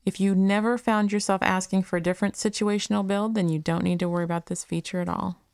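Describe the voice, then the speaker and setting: A woman's voice: mid-range voice, little pitch movement, fast talker, vocal fry, darkish tone, clean tone, dry recording. A woman hosting a gaming podcast, reading interview articles aloud and chatting casually between them. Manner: reads quotes evenly, chats casually between them. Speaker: podcast host.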